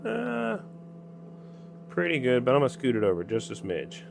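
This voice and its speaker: A man's voice: mid-range voice, wildly swooping pitch, normal speed, creaky, noisy background. A man with a Southern US accent casually talking himself through each step as he works in his workshop. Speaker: workshop maker. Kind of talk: casual narration while working.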